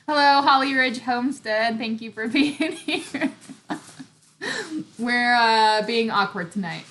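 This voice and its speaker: A woman's voice: on the high side, takes it slowly, fairly bright tone, a little hiss or hum. A woman in her thirties hosting a casual live chat, chatty and teasing with frequent giggles. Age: 30s. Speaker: homesteading channel host. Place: home.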